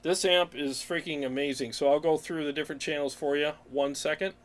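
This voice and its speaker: Chatty man, slightly high voice. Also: fairly even intonation, fairly quick. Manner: rambling, enthusiastic, many fillers and restarts; reads viewer comments aloud and laughs along. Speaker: host of a live amp Q&A stream. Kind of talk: casual live-stream chat.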